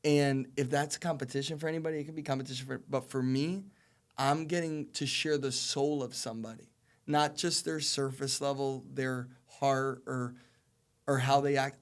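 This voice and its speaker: A man in his twenties, a college soccer player, talking earnestly as a podcast guest and repeating phrases for emphasis. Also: medium pitch. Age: 20s. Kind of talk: casual podcast conversation.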